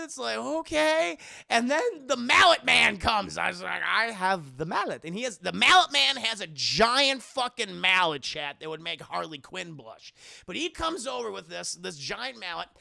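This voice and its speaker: A young man retells a film to his live chat in a loose, profane ramble, jumping into shrieked character voices. His voice sits high and swoops wildly, with a strong gravelly fry. He sounds bright and close, with a dry, dead sound. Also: dry recording. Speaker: movie reviewer streaming live. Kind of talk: animated casual plot recap to a live chat.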